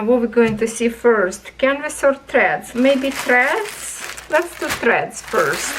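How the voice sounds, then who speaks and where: Slow-talking enthusiastic woman crafter. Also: a little high, fairly bright tone, a little hiss or hum, low-quality recording. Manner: slow, enthusiastic, talks to viewers as friends. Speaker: craft channel host. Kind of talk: casual unboxing review.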